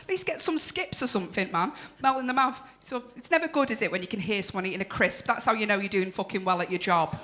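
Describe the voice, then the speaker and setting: Brash, bright-voiced woman compere. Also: medium pitch, quick pace, few pauses, a little hiss or hum. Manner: brash, teasing, sweary banter with the audience. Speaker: stand-up comedy compere. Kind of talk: stand-up crowd work. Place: comedy club stage.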